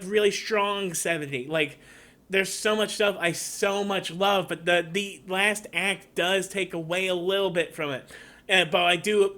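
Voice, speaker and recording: A man's voice: high voice, pushed and bright. A man reviewing a movie trailer on his own channel in a rambling, emotional casual talk, getting teary at moments. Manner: rambling, emotional, tearing up at times.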